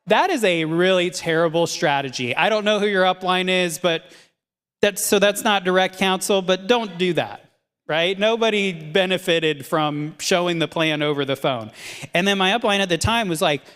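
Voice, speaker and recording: A man leading a team training session, telling animated stories and laughing often as he coaches. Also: high voice, normal speed, clear, resonant tone. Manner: animated anecdotal delivery with frequent laughter. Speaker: team leader giving a training talk. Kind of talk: motivational storytelling. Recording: long hall reverb.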